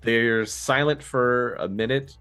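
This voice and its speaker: A man narrating a tabletop role-playing game as game master, relaxed and quick to laugh. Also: mid-range voice, smooth, no echo, soft background music.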